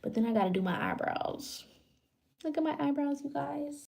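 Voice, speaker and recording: A woman's voice: sits high, lively intonation, normal speed, gravelly, darkish tone. A woman livestreaming, chatting casually with her viewers while she braids her hair. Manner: loose, chatty, talks to viewers. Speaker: livestream host. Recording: roomy echo.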